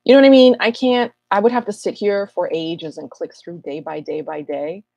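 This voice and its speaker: A woman astrologer hosting a casual live Q&A, chatty and rambling with self-mocking asides, her voice a little husky this morning. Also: medium pitch, animated, normal speed, a little mellow, no echo, dull audio. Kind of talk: casual livestream chat.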